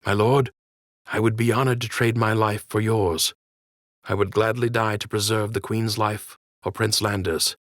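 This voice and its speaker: A man's voice: fairly low pitch, level tone, moderate pace, fairly bright tone, dry recording, clean studio sound, natural voice. A man voicing a loyal, earnest male rabbit captain who speaks steadily.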